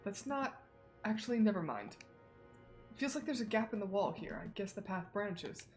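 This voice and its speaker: A woman reading the lines of a stern, determined male detective bird from a game on a livestream, in a steady, earnest voice. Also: medium pitch, normal speed, faint music behind, close to an everyday voice. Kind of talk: game dialogue read on stream.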